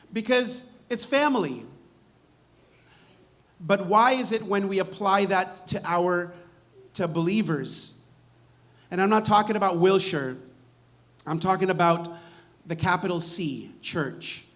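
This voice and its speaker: In a church sanctuary, a man with a high, slightly bright voice preaches a sermon. His manner is casual and conversational, and he often restarts words and checks in with "right?".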